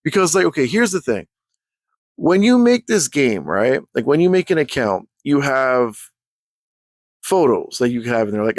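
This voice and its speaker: A young man hosting a casual storytelling vlog, talking in an animated, profane, rambling way. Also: medium pitch, no room sound, studio quality. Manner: animated, profane, rambling, jumps into quoted voices. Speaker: channel host.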